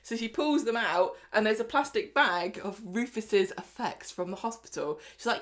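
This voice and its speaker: A woman's voice: medium pitch, normal speed, fairly bright tone. A woman co-hosting a podcast, retelling scenes chattily and slipping into voices for the characters. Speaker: podcast co-host. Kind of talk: casual recap chat.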